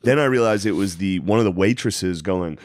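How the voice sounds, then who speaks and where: A man's voice: deep voice, brisk, dry recording. A man who co-hosts a podcast and does stand-up, telling a profane story in casual chat, laughing often and acting out the people in it. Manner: profane, laughing, acts out people in his stories. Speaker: podcast co-host and stand-up comedian.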